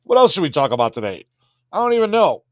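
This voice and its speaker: A man's voice: high-pitched, sing-song, fast talker, no room sound, studio quality. A man hosting a casual livestream, rambling crudely and reading out viewer comments. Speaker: livestream host.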